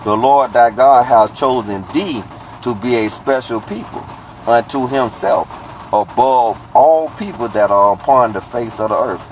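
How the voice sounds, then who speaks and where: A man in the middle of a casual scripture lesson, taking each verse apart and repeating lines slowly so they sink in. His pitch sits in an ordinary middle range. Faint outdoor traffic hums behind him. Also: low-quality recording. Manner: explains word by word, rereads verses slowly. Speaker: informal Bible teacher.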